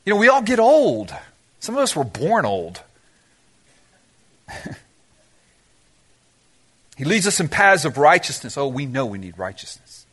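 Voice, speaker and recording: A man's voice: a little high, huge pitch swings, unhurried, long pauses, fairly bright tone. A man preaching a sermon, asking the congregation rhetorical questions and mixing in humorous asides. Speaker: pastor.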